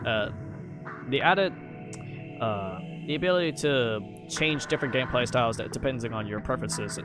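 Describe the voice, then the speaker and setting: A man talking casually on a live stream, halting often with fillers and restarts. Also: medium pitch, lively intonation. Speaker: live streamer ranking games. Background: background music.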